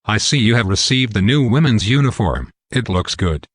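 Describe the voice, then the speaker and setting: A synthetic male text-to-speech voice voicing a weary, stern military colonel in a storybook reading, with a flat delivery. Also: lowish voice, moderate pace, breathy edge, dry recording.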